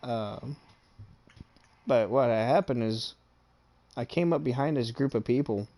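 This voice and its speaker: In a fairly low, darkish voice, a streamer casually shares a boastful tale from his own experience, swearing freely. He sounds amused and keeps checking in with the listener by saying "okay?"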